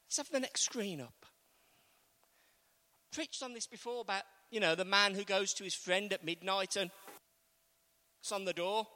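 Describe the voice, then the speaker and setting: A man's voice: high-pitched, normal speed, pauses often, bright, forceful tone, slight background noise. A man preaching a sermon in a conversational way, asking the congregation questions. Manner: conversational, asks the congregation questions, acts out quotes.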